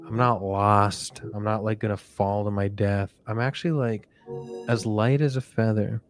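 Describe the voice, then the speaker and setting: A man hosting a comic sleep-story podcast, talking softly with drifting, rambling jokey asides. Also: on the low side, fairly even intonation, normal speed, soft background music. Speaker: podcast host.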